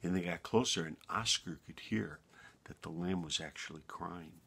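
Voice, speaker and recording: A man narrating a bedtime story in a gentle, unhurried manner with small restarts. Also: low-pitched, vocal fry, husky.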